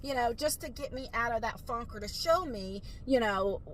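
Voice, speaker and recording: A woman's voice: fairly high pitch, expressive, normal speed, a bit bright, slight background noise, low-quality recording. A middle-aged woman chatting casually to her phone camera in a rambling, confiding vlog style, full of fillers. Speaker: vlogger. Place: car, then store aisles.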